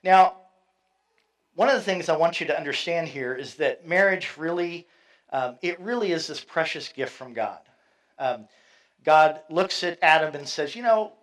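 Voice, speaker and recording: A man's voice: fairly high pitch, a bit bright, low-quality recording. A middle-aged man preaching a sermon in a conversational way, with fillers and asides, reading scripture aloud. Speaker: pastor.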